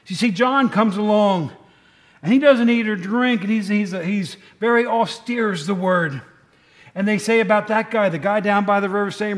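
A man's voice: high voice, moderate pace. A man pastor preaching a conversational sermon, telling stories, acting out quoted voices and rising to urgent exhortation.

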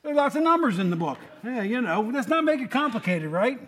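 Chatty high-voiced man preaching. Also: very animated, a little fast, fairly bright tone. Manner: chatty, joking, asks the room questions. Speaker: lay preacher. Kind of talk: casual sermon.

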